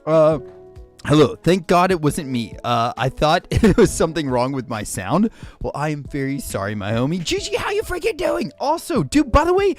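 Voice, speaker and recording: A man hosting a livestream in casual chat, excitable and jokey, greeting viewers by name and saying "freaking" constantly. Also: fairly high pitch, normal speed, faint music behind. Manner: excitable, says "freaking" constantly, shouts out names; jokey and hyperbolic. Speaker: livestream host.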